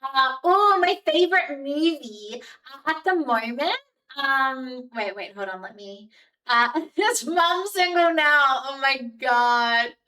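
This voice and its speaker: A woman's voice: sits high, animated, slow pace, sharp tone, far from the mic, poor audio. A young woman with a mixed Australian and New Zealand accent, chatting casually and rambling with her viewers on a live stream. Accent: Australian and New Zealand mix. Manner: chatty, rambling, frequent fillers and laughs.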